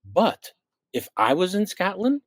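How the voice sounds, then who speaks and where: Veteran radio host, male, Midwest-raised, expressive storyteller, dry studio sound. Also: high voice, a little slow, no echo. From American Midwest. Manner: animated storyteller acting out quotes. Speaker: radio show host, guest. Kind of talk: casual storytelling chat.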